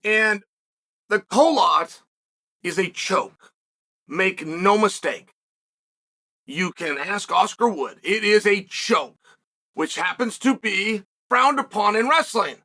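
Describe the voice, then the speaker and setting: A man's voice: sits high, lively intonation, slow pace, long pauses, sharp tone. A middle-aged man hosting a commentary monologue for viewers, emphatic, repeating words and asking rhetorical questions. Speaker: host and former fighter.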